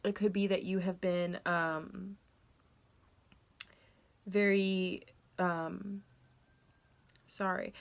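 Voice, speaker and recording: A woman's voice: mid-range voice, creaky. A young woman giving a casual tarot reading to camera, candid and rambling, with frequent ums and self-corrections. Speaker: tarot reader.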